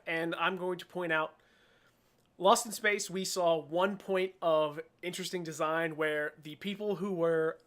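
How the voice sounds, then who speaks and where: A young man with a high-pitched, slightly bright voice co-hosts a podcast. The chat is casual, and he swears freely and laughs often.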